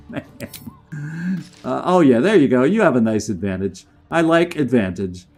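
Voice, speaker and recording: A man streaming a video game, chatting and commentating as he plays, getting excited and laughing often. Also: mid-range voice, measured pace, faint music behind. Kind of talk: live gameplay commentary.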